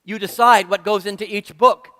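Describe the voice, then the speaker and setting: Male preacher, earnest and repetitive, quizzes his congregation; high voice in a reverberant church. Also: fairly even intonation, normal speed, sharp tone. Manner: earnest, rhythmic repetition, asks the congregation questions. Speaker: minister. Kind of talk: sermon. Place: church sanctuary.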